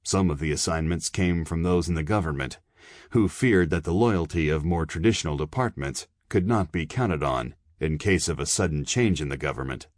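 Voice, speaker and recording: A man reading an audiobook in a measured, even storytelling manner. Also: extremely low pitch, no echo, studio quality. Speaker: audiobook narrator. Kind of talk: scripted narration.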